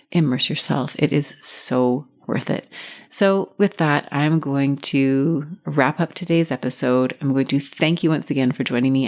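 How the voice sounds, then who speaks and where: A middle-aged woman hosting her own podcast, giving warm, encouraging advice. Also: a bass voice. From Canada. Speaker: podcast host. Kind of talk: solo podcast talk.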